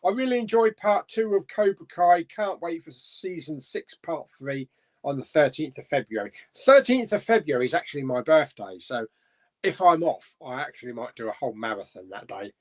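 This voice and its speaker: Chatty man, slightly high voice. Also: lively intonation, moderate pace. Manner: chatty and easygoing, with frequent little laughs. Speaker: host of a live chat stream. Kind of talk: casual live chat, reading out viewer comments.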